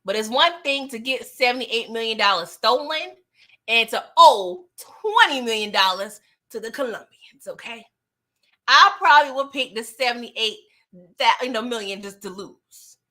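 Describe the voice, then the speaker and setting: A woman giving a casual recap of a TV episode, animated and chatty, talking straight to her viewers. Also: on the high side, normal speed. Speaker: TV recap vlogger.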